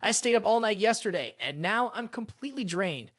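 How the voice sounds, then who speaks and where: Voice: mid-range voice, animated, fairly quick, a bit bright, no echo, studio quality. A narrator voicing an arrogant young male executive who snaps at people and panics easily. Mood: panicked. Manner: snappish, flustered.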